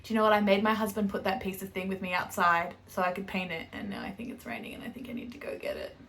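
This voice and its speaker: A woman's voice: mid-range voice, fairly even intonation, quick pace, fairly bright tone. Chatty young Australian woman. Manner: chatty, rambling, self-correcting, laughs often. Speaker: knitting podcast host. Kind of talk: casual chat to camera.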